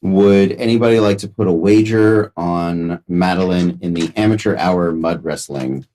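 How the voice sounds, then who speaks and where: Low-voiced man running a tabletop game. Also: moderate pace, dark tone. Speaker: game master.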